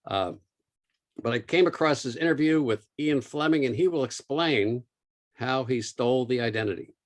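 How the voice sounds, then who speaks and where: A man's voice: mid-range voice, moderate pace. A man giving an illustrated museum talk as author and lecturer, telling stories with frequent small fillers. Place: lecture room.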